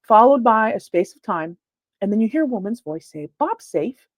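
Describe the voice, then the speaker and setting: A woman's voice: medium pitch, animated, fairly quick, no room sound. A woman paranormal investigator giving an informal virtual lecture, talking conversationally with many fillers and restarts. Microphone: computer mic on a video call.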